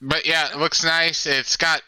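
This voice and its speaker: A man co-hosting a casual wrestling podcast, easygoing and quick to laugh. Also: on the high side, level tone, sharp tone, smooth. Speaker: podcast co-host.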